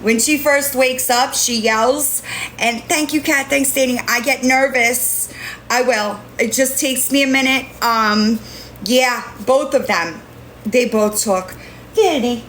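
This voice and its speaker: A woman hosting a casual livestream from home on her phone, switching between high sing-song baby talk to her kittens and chatty remarks to viewers. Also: slow, fairly bright tone, slight background noise. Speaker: livestream host.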